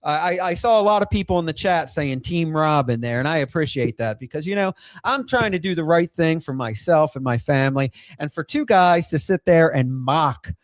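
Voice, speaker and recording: A man's voice: fairly high pitch, animated, moderate pace, few pauses, no room sound, clean studio sound. Heated, profane male livestream host. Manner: heated, profane, laughing outbursts. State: in outpatient rehab. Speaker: host reacting to a clip. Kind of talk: livestream rant and chat reading.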